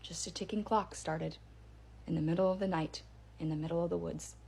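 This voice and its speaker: A woman telling her own spooky story in a casual, chatty way, with fillers and hushed drops for suspense. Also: fairly low pitch, steady tone, fairly quick, vocal fry, breathy edge. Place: parents' backyard by a campfire.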